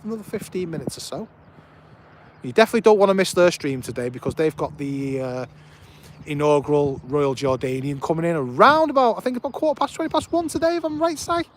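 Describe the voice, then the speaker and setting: A man hosts a live stream outdoors at an airport, speaking fast in a fairly high, animated voice with slight background noise. He chats casually and enthusiastically, greeting viewers by name and offering excited commentary.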